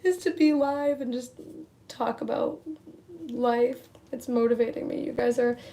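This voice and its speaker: A woman's voice: a little high, steady tone, measured pace, warm tone. A young woman livestreaming from home, rambling casually, repeating words and reading viewer comments aloud. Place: at home indoors, near a window.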